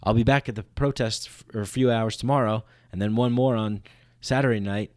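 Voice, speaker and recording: A man's voice: mid-range voice, expressive, a little mellow, dry recording. Sarcastic man in a dry monologue. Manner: sarcastic, rapid-fire mock voices of the public. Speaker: podcast host. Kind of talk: satirical spoken monologue.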